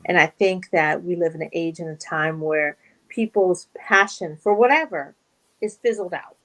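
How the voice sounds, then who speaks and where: A young actress with a voice on the low side speaks at a moderate pace as a guest in a casual interview. She's animated, acting out quoted conversations in her stories and laughing often, on a low-quality recording.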